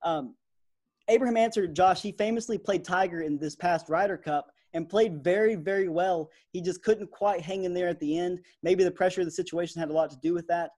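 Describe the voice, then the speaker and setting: A young man in his twenties co-hosting a podcast, chatting in a relaxed way with lots of fillers. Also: high-pitched, brisk. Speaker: podcast co-host. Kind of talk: casual sports podcast chat.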